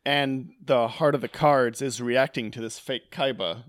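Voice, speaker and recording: Man, mid-pitched, dry close sound, wry sarcastic co-host. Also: a little slow, no room sound. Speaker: podcast co-host. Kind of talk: casual chat.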